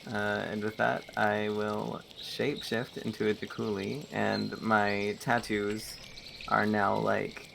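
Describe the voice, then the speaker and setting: A man's voice: lowish voice, flat delivery, takes it slowly, vocal fry, noisy background. A man with a British accent, playing a tabletop game in a casual, playful way and laughing often. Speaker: player.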